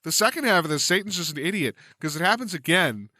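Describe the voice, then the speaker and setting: A man's voice: high voice, lively intonation, fast, pushed and bright, no room sound, clean studio sound. A man co-hosting a comedy podcast, reading a folk tale aloud with dramatic storytelling and casual asides. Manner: dramatic storytelling with big words. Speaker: podcast co-host.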